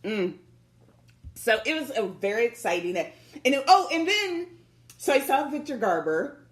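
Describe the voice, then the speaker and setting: A woman's voice: on the high side, normal speed. A woman podcast co-host in casual chat, telling stories with lots of acted-out quotes and frequent laughter. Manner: animated storytelling, acting out quotes, laughing often. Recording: echoey room.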